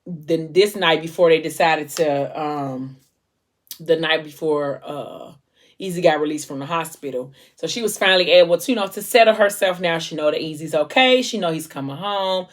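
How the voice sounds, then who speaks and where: Young woman, low voice, easygoing book-recap vlogger, rambling with fillers. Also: moderate pace. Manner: chatty, meandering retelling with many fillers.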